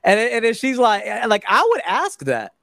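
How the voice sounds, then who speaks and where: A man's voice: very high-pitched, huge pitch swings, normal speed, creaky, a bit bright, dry recording. A man hosting a call-in dating-advice podcast, giving blunt, profane coaching and acting out the lines he quotes. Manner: blunt, profane, emphatic, acts out quoted dialogue.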